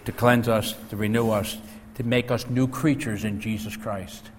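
A man's voice: fairly low pitch, steady tone, normal speed. A male pastor preaching an earnest sermon and telling stories. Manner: earnest preaching, storytelling with acted quotes. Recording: echoey hall, faint noise.

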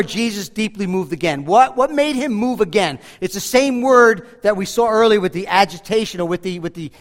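A pastor preaching a sermon, talking casually with asides and humor as he walks through a passage. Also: sits high. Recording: hall reverb.

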